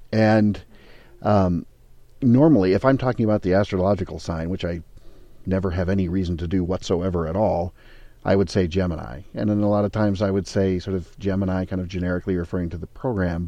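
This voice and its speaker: A man's voice: deep voice, dark tone, no echo, lo-fi sound. A man hosting a casual chat, making playful, self-deprecating asides.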